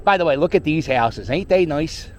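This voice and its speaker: Riding his scooter through the city, a middle-aged Philadelphia vlogger talks at normal speed in an animated, rather high voice with a darkish tone. His casual chat is rambling and jokey, sprinkled with profanity, over faint street noise.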